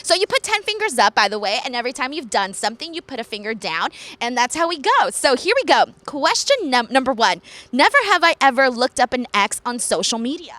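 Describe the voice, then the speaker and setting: High, bright enthusiastic woman host. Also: very animated, a little fast. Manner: enthusiastic, chatty, hyping. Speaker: interview host. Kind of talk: casual interview chat.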